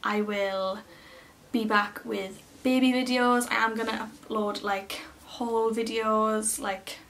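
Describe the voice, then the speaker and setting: A woman's voice: on the high side, level tone, slow, fairly bright tone. A young woman talking casually to the camera from a small cluttered room at home, chatty and full of fillers, retelling what people said. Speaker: vlogger. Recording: slightly distant with faint room noise.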